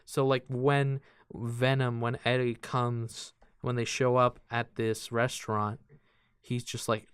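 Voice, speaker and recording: A man's voice: mid-range voice, little pitch movement, measured pace, a bit bright, smooth, no room sound, clean studio sound. A man co-hosting a podcast, rambling through a casual movie review and acting out quotes from scenes. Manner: rambling, restarts often, acts out quotes. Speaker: podcast co-host.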